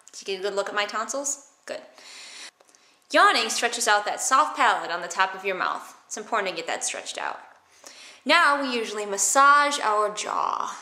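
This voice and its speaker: A woman teaching theatre vocal warmups in a playful, silly way, exaggerating her mouth movements. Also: on the high side. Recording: echoey room.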